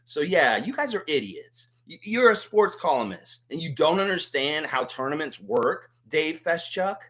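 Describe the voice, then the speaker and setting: A man on his own fan sports stream delivers a profane, heated rant, his voice swinging wildly between low grumbles and sharp high jumps. He speaks a touch higher than most men, hammering every point with emphatic exasperation. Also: normal speed. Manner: excitable, emphatic. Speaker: host of a fan basketball show. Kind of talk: live sports preview rant.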